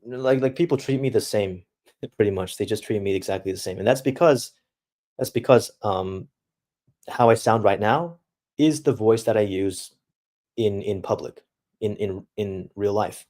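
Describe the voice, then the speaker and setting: A man's voice: fairly low pitch, normal speed, a little mellow. A young man streaming live, talking casually and reading out chat in a laid-back, slangy way full of dude and bro.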